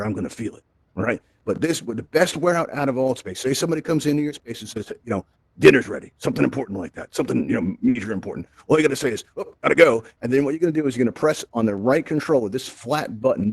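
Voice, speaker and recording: Fast-talking upbeat man hosting a lesson. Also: mid-range voice, darkish tone, slightly rough, dry recording. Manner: upbeat, encouraging, playful asides. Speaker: VR event host and instructor. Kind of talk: live instructional walkthrough. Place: virtual reality event space.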